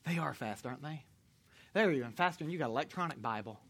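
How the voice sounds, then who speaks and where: A pastor preaching to a congregation in church, animated and joking, sometimes shouting. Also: male voice, fairly high pitch, fast talker, a little hiss or hum. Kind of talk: sermon.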